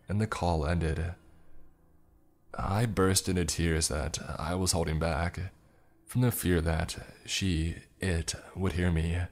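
A man reading a first-person horror story in a slow, grave storytelling manner. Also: low voice. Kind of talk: scripted horror narration.

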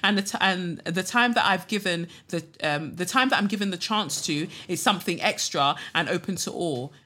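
Bright-voiced woman reading a letter. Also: fairly low pitch, normal speed. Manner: expressive, laughs easily, dry asides. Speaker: podcast host reading a listener's letter. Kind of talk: reading a letter aloud on a podcast.

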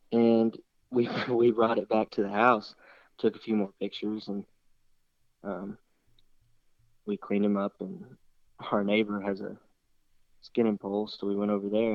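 Low male voice, young man, rambling hunting tale, dry and dull sound. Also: gravelly, no echo. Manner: rambling, animated retelling with quoted dialogue. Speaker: hunter telling a story. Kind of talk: casual storytelling.

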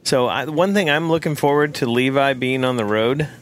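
Earnest middle-aged man, halting speech. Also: mid-range voice, a little hiss or hum. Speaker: father on the show. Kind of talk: casual group chat.

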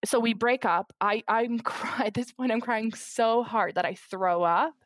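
A woman's voice: on the high side, no echo. Chatty woman retelling a story, dry sound. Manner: animated, fast retelling with many fillers and quoted dialogue. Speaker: anonymous guest. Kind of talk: personal storytelling in a podcast interview.

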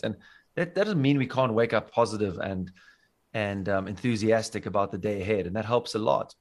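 South African man, low relaxed voice. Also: vocal fry. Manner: earnest, rambling, many fillers and restarts. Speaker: podcast guest. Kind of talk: casual podcast chat.

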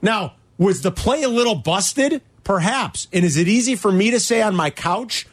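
Animated high-voiced man ranting about football. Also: normal speed, breathy edge. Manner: animated, exasperated ranting with rhetorical questions. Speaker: sports radio host. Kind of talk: casual sports talk.

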